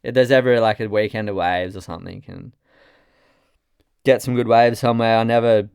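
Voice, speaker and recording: Low gravelly Australian man, rambling. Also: fairly quick, darkish tone, no room sound, clean studio sound. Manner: rambling storytelling, heavy swearing. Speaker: guest photographer. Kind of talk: casual chat.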